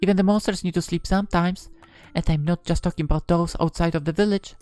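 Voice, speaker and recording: A man's voice: high-pitched, steady tone, fast, dry recording, soft background music, pitched above the performer's own voice, close to an everyday voice. Man doing a cheeky young woman mage. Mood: teasing. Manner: teasing, bright, playful.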